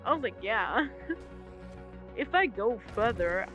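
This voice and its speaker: Young woman streamer, animated storyteller, swears freely, faint music behind. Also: fairly high pitch, slow pace, dull audio. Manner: animated, swears a lot, laughs often. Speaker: livestreamer. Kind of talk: casual storytelling chat.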